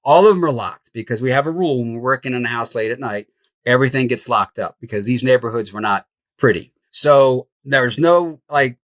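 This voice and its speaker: Middle-aged male guest, lively raconteur with a mid-range voice, dry close sound. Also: medium pitch, brisk, dry recording. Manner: animated, laughs through the tale. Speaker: podcast guest, house flipper. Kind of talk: storytelling in an interview.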